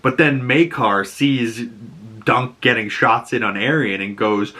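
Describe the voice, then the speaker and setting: A man with a Boston accent, hosting a podcast and recapping a TV episode in a loose, animated way, acting out the characters' lines and swearing casually. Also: medium pitch, unhurried. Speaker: podcast host.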